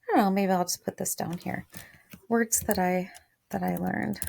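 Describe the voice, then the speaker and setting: Lady teacher reading a story out loud and explaining words, chatty, a bit of gravel in her voice. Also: mid-range voice, steady tone, normal speed, a little hiss or hum. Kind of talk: read-aloud lesson with commentary.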